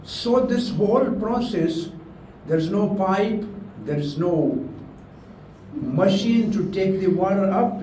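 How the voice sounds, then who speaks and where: Slow, earnest man lecturing. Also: sits high, mellow, a little hiss or hum. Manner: slow and earnest, with many rhetorical questions. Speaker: teacher of a values class. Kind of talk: spiritual lecture. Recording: roomy hall from a distant mic with faint ambience.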